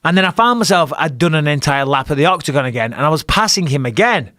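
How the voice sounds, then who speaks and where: A man's voice: on the high side, expressive, quick pace, pushed and bright, no room sound, studio quality. A middle-aged man from England with an English accent, telling a fight story in casual talk, swearing and acting out his own lines. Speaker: guest, retired fighter.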